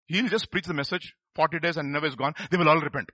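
A man's voice: fairly high pitch, very fast, pushed and bright, dry recording. A man preaching a sermon, emphatic and firing rhetorical questions at the congregation.

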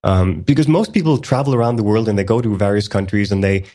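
Podcast co-host, man from Sweden, low voice, halting um-filled chat. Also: dark tone. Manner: hesitant, many fillers and restarts.

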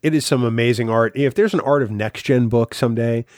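A man's voice: mid-range voice, a little fast, a little mellow, dry recording, clean studio sound. A man co-hosting a podcast, talking through an episode's writing in a thoughtful, analytical way. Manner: thoughtful, analytical, with some restarts. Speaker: podcast co-host. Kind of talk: casual chat.

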